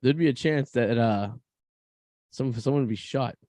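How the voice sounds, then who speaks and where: A man co-hosting a podcast who chimes in with quick, joking asides and casual profanity. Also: mid-range voice, mellow, no echo. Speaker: podcast co-host. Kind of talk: casual chat.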